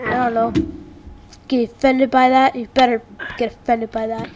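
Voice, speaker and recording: A woman's voice: a little high, little pitch movement, normal speed, long pauses, noisy background. A woman playing a frustrating game on camera, exclaiming and muttering at it. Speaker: let's play gamer.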